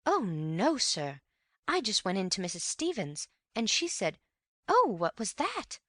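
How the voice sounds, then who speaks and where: A woman voicing a nervous young housemaid who answers in quick, respectful replies. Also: medium pitch, sing-song, a bit bright, dry recording, clean studio sound, voice pushed up. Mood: flustered.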